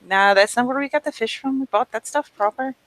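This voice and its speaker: A woman's voice: a little high, brisk, fairly bright tone, no room sound, low-quality recording. Woman, player in character, casual folksy talk, filler words, dry close sound. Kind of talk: in-character role-play.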